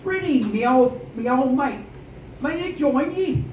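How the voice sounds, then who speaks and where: A man's voice: very high voice, expressive, unhurried, pitched above the performer's own voice. A man voicing a portly, scheming colonial shipping man who talks in a showy, coaxing way. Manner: showy, coaxing, slyly persuasive. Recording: echoey, distant, dull noisy room recording.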